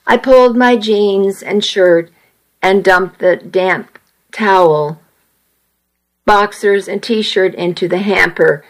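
A woman reading a first-person romance story aloud in a steady, measured way. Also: mid-range voice, poor audio.

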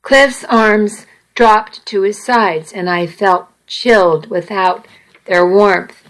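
Woman narrator for a first-person story; slow, earnest, measured read, mid pitch. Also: poor audio.

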